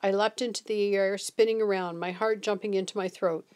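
A woman reads a novel chapter aloud in a steady storytelling manner. Her voice sits at an ordinary middle pitch. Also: a little fast. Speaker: reader.

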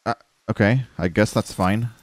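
Over some background noise, a gaming streamer with a fairly low voice talks at a moderate pace. His commentary is casual and self-directed, full of self-mockery, casual swearing, and frequent use of "dude."

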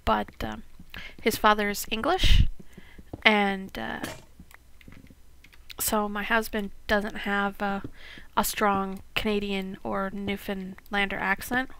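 Her medium-pitched voice barely moves in pitch, and she speaks slowly with a creaky, slightly bright quality; the audio is poor with slight background noise. She's a Midwestern woman in her forties from Iowa, rambling through casual gameplay chat with half-whispered asides as host of a gaming video.

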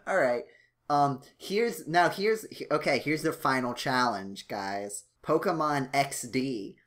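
A young man speaks slowly on a casual gaming podcast. He giggles between lines, stumbles and restarts, and keeps asking the others how things work. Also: mid-range voice, expressive, a bit bright. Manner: giggly, halting, asks lots of questions. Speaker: podcast co-host. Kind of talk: casual chat.

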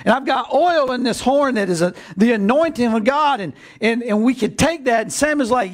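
A middle-aged male pastor preaching a sermon, animated, bursting into excited shouts as he acts out scripture. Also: very high voice, moderate pace, hardly any pauses.

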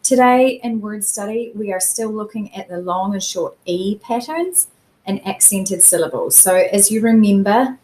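A woman teacher giving a recorded phonics lesson to children, sounding out vowel sounds slowly and carefully. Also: medium pitch, mellow. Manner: slow, careful enunciation of sounds. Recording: echoey room.

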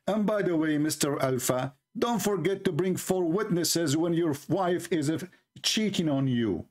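A man's voice: on the high side, expressive, measured pace. A man hosting a live-stream religious debate show, mocking and combative, chuckling at his own jokes and speaking English with non-native grammar.

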